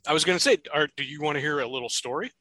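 A man co-hosting a casual podcast, chatty and quick to laugh, often restarting his sentences. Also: a little high, sharp tone, slight background noise. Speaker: podcast co-host. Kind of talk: casual chat.

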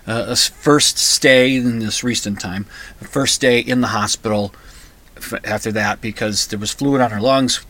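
Bright-voiced man telling a personal story. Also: mid-range voice. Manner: halting, many restarts and fillers. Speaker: podcast host. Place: comic book store.

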